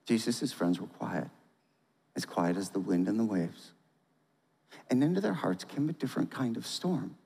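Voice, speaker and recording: A male pastor giving a sermon, reading a storybook aloud in a dramatic, animated way and asking listeners to respond. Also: mid-range voice, moderate pace, gravelly, breathy edge. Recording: long hall reverb.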